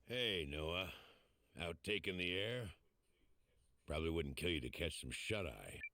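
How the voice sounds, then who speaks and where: An actor playing a gruff, friendly male mercenary in a game, with easygoing, teasing banter. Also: low voice, expressive, unhurried, pushed and bright, no room sound, heavily acted. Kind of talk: game voice acting.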